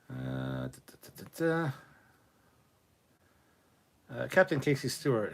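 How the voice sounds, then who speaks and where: Husky-voiced man hosting a live stream. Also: mid-range voice. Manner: joking, swears, chats loosely. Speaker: live stream host reading chat. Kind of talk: casual live stream chat.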